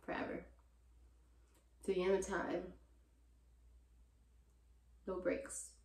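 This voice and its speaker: A young woman in her twenties chatting casually in a Q&A vlog, talking to her viewers as "y'all" and getting loud and animated when she vents. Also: fairly low pitch, slow pace, gravelly. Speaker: vlogger answering viewer questions. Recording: roomy echo.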